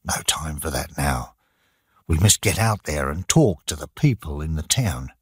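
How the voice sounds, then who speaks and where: A man voicing the outlaw's brother, a calm, firm young man hushing his sister in a storybook reading. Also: very deep voice, measured pace, husky, no room sound, studio quality, heavily acted. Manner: steady, hushing.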